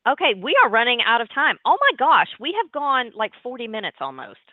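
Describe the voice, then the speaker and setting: A chatty woman hosts an interview, her voice rising and falling in a lively way. The sound is dry and thin, like a phone line. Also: a little high, no room sound. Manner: chatty, lively, quick to laugh. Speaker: podcast host. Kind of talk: casual interview chat.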